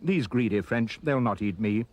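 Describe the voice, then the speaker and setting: A man's voice: on the low side, animated, normal speed, a little mellow. A man voicing a huge, unflappable snail who speaks with grand politeness.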